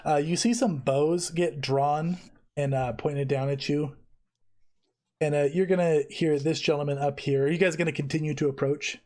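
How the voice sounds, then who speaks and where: A man's voice: fairly high pitch, steady tone, moderate pace, mellow. Easygoing male game master. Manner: casual, easygoing narration with fillers. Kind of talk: narrating a tabletop game.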